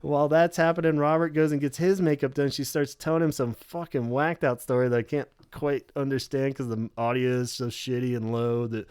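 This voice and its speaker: A man's voice: mid-range voice, fairly even intonation, brisk, hardly any pauses, darkish tone, clean tone, no room sound, clean studio sound. A man hosting a podcast in casual chat, a rambling storyteller who swears freely and acts out quotes. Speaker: podcast host.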